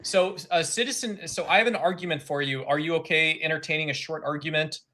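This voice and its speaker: A man calling in to a live stream debate, arguing in a halting, filler-heavy, accusatory way. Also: fairly high pitch, bright, forceful tone. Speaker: caller asking a debater a question. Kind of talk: argumentative live stream call-in.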